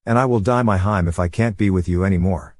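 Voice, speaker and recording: A man's voice: low voice, quick pace, darkish tone, no room sound. A man voicing an earnest, sheepish teenage boy ninja in a fan-fiction reading.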